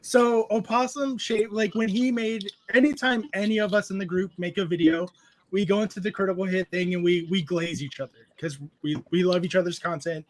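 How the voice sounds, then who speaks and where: A high-pitched man hosting a relaxed chat stream, telling stories in an animated way, laughing and swearing as he goes. A faint hiss sits under his voice on a desk mic. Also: brisk. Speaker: stream host. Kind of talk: casual group chat.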